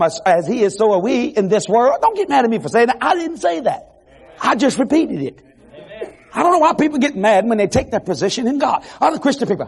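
A man preaching an animated evangelical sermon to a congregation on television, laughing and shouting asides as he goes. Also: high-pitched, breathy edge. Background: faint congregation crowd.

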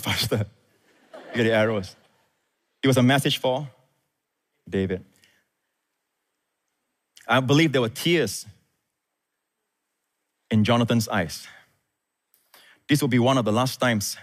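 Man preaching in an echoey hall. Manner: animated, rises high and loud when quoting scripture. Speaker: pastor. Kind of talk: sermon. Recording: echoey hall with long reverb.

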